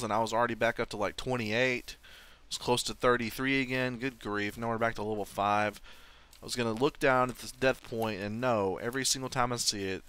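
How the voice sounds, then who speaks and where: A man's voice: medium pitch, a bit bright. A young man giving casual, self-mocking commentary on his own game play, swearing and laughing often. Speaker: let's play host.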